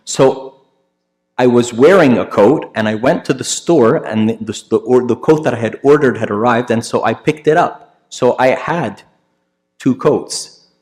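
A man, a priest, telling a story in a sermon, conversational, with many fillers and restarts, acting out the people he quotes in louder, higher voices. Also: unhurried.

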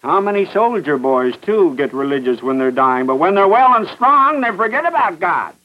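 A man with a high voice preaches with fierce emphasis, driving each point home through repetition and pointed questions. The sound is muffled and dull, like an old radio broadcast. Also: sing-song, normal speed. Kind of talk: fervent radio sermon.

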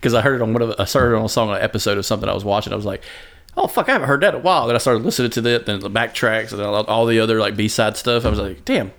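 Quick-talking man, crude and joking podcast co-host. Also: on the low side, steady tone, a bit bright. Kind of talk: casual chat.

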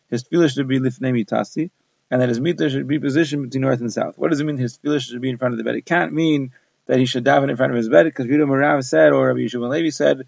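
A man giving a brisk summary lesson on a Talmud page, mixing Hebrew and Yiddish terms into his English. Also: mid-range voice, vocal fry, a little mellow, no echo. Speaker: Talmud teacher. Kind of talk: rapid daf summary lesson. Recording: dull, slightly lo-fi sound.

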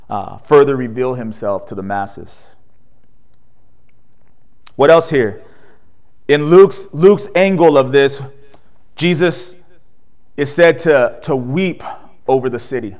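A man with a somewhat high voice preaches a sermon as a pastor. He tells the story with animation and peppers it with rhetorical questions and "right?". At solemn moments he sinks into a quiet, low delivery. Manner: drops soft and low at solemn points.

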